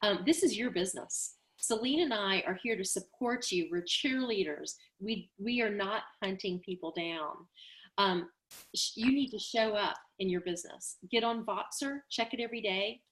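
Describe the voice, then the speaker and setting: A woman's voice: medium pitch, animated, normal speed, fairly bright tone. A woman, co-hosting a team call and wrapping up with an upbeat, rallying pep talk. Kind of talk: motivational wrap-up talk.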